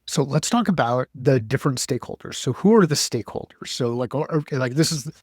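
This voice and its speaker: A man hosts a conversation, framing his questions loosely and thinking aloud as he goes. His voice is mid-pitched and recorded dry and close. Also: expressive, brisk, a little mellow, no room sound. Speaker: podcast host. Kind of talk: casual interview questions.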